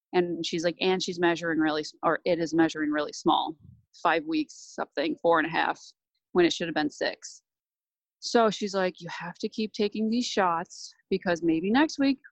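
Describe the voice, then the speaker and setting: Low-voiced woman, teary, candid personal story, dry close sound. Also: no room sound, lo-fi sound. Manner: candid, emotional, laughs through tears. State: tearful. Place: airport.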